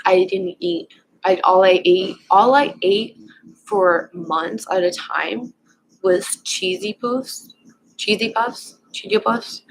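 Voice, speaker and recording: A young woman vlogger casually telling a personal story at home, rambling and halting with lots of fillers. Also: lowish voice, a little hiss or hum, low-quality recording.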